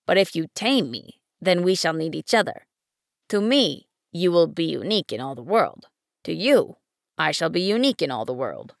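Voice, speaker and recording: Woman voicing a wise, gravelly fox. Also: deep voice, sing-song, no room sound, clean studio sound, heavily acted. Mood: explaining. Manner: earnest, measured and pleading. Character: wise, patient male fox. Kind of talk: audiobook reading.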